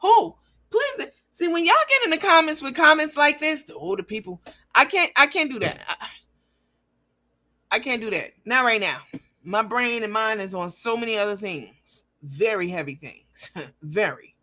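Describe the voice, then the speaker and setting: A woman's voice: fairly high pitch, expressive, normal speed, bright, forceful tone. A woman hosting a livestream, reading viewer comments aloud and talking bluntly and profanely in a mocking, emphatic way.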